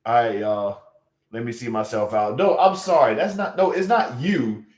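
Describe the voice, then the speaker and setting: A man's voice: mid-range voice, normal speed, a little mellow, roomy sound. A young man hosting a livestream, chatting casually, incredulous and exclamatory, often repeating himself. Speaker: livestream host.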